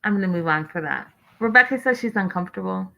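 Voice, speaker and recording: A woman hosts a reality TV recap show with a bright, forceful voice at an ordinary middle pitch. She talks in a sassy, exasperated way, ranting and mimicking the people she talks about. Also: lively intonation, fast, vocal fry. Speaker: host.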